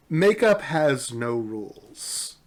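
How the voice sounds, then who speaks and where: A man co-hosting a podcast in casual chat, reading memes aloud with a wry, amused manner and frequent laughs. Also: a little high. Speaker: podcast co-host.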